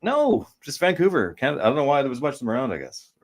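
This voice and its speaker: A man's voice: medium pitch, wildly swooping pitch, rapid-fire. A man chatting casually on a livestream, telling rambling, profane stories and reading out chat messages. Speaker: livestream co-host. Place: lived in Vancouver.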